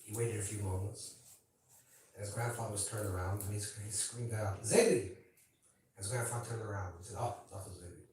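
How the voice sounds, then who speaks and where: A man's voice: on the low side, steady tone, fairly quick, a little mellow. A man, a rabbi, giving an informal teaching talk to a gathering. He talks conversationally, keeps checking that listeners follow, and adds playful asides to the audience. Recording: very echoey room, voice from a distance.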